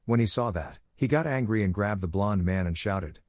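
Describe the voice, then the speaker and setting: A man narrates a comic story recap at a steady pace. His voice sits fairly low. The recording is dry and close, with no room sound. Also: moderate pace, hardly any pauses, dry recording.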